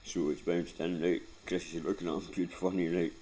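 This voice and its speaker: A man's voice: low-pitched, level tone, a little fast, dark tone, a little hiss or hum, rough recording. A Scottish man in his forties telling rambling, sweary stories about his life in a casual vlog, laughing often as he goes. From Scotland. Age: 40s. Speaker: vlogger. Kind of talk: casual storytelling.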